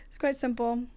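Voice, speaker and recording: A non-binary livestream host with a feminine-sounding, high, somewhat dark voice chats casually and frankly with viewers, laughing often and swearing occasionally.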